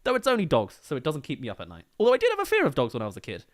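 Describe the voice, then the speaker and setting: Brief: British male streamer, fairly high and very animated, casual chatty movie commentary. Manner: chatty, answers viewer comments with quick jokes. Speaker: movie review livestream host.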